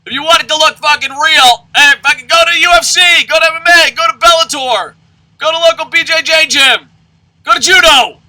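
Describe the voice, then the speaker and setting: Male host, profane ranting commentary, bright and cutting tone, yells often. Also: very high-pitched, a little fast, rough recording. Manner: shouting, swearing constantly, loud outbursts. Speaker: wrestling news host.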